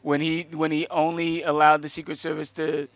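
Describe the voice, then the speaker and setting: A man's voice: a little high, monotone, normal speed, dry recording, dull audio. A man co-hosting a casual podcast chat, teasing and laughing often. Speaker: podcast co-host.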